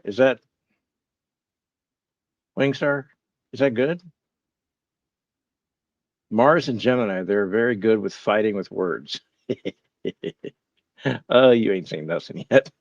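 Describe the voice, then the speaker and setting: A man with a lowish voice chats casually on a live stream, musing aloud and reading replies from his audience. He sounds bemused and mocks his own confusion. The sound is dry and a little dull. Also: takes it slowly, pauses often, no room sound. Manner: muses aloud and reads chat replies; bemused, self-mocking. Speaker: livestream host.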